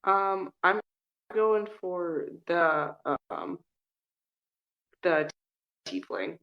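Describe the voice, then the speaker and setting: Low, gravelly-voiced woman player. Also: sing-song, extremely slow, lo-fi sound. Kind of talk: casual tabletop game play.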